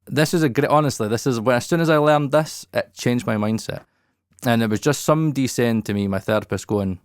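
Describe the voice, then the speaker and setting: A man's voice: mid-range voice, fairly quick, clear, resonant tone, no room sound, studio quality. A man hosting a podcast, talking openly and reflectively and swearing casually. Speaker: podcast host. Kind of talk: candid podcast talk.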